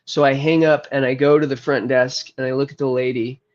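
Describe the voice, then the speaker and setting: A man candidly recounting a hard personal story, earnest and halting, with frequent trailing pauses. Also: medium pitch, flat delivery. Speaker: guest recounting his addiction and recovery. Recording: slightly muffled lo-fi audio.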